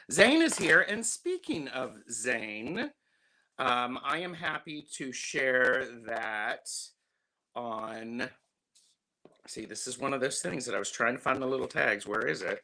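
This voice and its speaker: Man in his fifties, livestream host, bright tone, unhurried, greets viewers by name. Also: mid-range voice, expressive. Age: 50s. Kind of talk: casual livestream chat.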